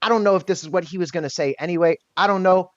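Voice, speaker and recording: A man's voice: high voice, very fast, dry recording. Man, 30s, guest, raw candid storytelling with casual swearing, dry lo-fi sound. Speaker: podcast guest. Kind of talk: emotional personal storytelling.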